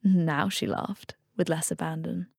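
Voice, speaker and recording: Low-voiced woman reading an audiobook. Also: creaky, no echo, studio quality. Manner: measured, even storytelling. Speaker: audiobook narrator. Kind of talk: scripted audiobook narration.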